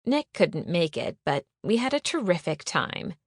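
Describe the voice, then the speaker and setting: Woman voicing a snooty teen mean girl, sneering, boastful, swinging pitch, dry. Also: big pitch swings, unhurried, dry recording, full character voice. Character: snobbish mean-girl teenage rich schoolgirl. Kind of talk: audiobook character voice.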